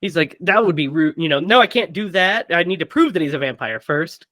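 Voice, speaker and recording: A man co-hosting a casual movie podcast, retelling scenes with quick quoted character lines. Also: on the high side, expressive, bright, forceful tone, dry recording. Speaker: podcast co-host.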